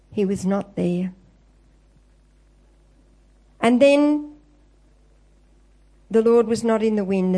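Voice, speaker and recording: A woman preaches a sermon in a warm, mellow voice of middle pitch. She retells scripture as a story and lifts her voice when she quotes it. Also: rough recording. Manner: storytelling, quoting scripture with lifted voice.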